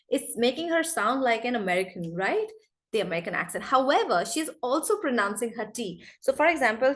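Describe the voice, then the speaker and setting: A woman teaching an online accent class, chatty and repeating example words slowly. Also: fairly high pitch, sing-song, fairly bright tone.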